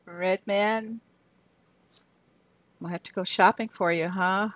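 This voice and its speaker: Older southern lady streaming and chatting, mid pitch, dry close sound, laughs a lot. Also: steady tone, takes it slowly, a bit bright, no echo. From Southern US, Arkansas. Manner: chatty, laughs often, answers chat aloud. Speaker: game streamer. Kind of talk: casual live-stream chat.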